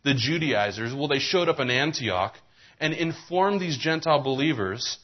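A man's voice: mid-range voice, lively intonation, moderate pace, husky, highs cut off. A man preaching a sermon as a pastor, reading scripture and telling folksy jokes.

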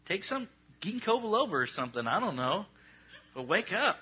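A man delivering a sermon, chatty and humorous, slipping into small acted-out scenes. His voice is a bit husky, and the recording sounds somewhat dull and lo-fi. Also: fairly high pitch, expressive, brisk. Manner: conversational, joking, acts out little prayer scenes. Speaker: pastor.

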